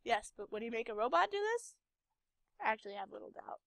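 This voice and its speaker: A woman's voice: a little high, very animated, quick pace, creaky, no room sound. A tired young woman from Idaho with a Western American accent, rambling through casual gameplay commentary and talking back at the characters on screen. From Idaho, United States. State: tired and a bit sick. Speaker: game video host.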